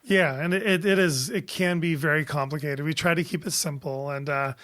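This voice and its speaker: A podcast co-host in casual chat, talking in a relaxed, chatty way. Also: mid-range voice, a little fast, no room sound, clean studio sound.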